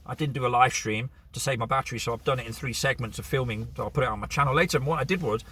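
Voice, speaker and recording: A man's voice: mid-range voice, racing, pushed and bright, breathy edge. A man from Bournemouth, chatting casually and telling stories to camera outdoors. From Bournemouth, England. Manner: chatty, storytelling, with restarts. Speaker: vlogger. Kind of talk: casual chat.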